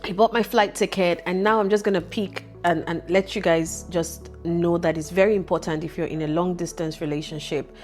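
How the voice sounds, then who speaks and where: A woman's voice: fairly low pitch, fairly even intonation, fairly quick, hardly any pauses, darkish tone, soft background music. A woman hosting a vlog, telling a candid personal story in a casual, chatty way. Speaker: vlog host.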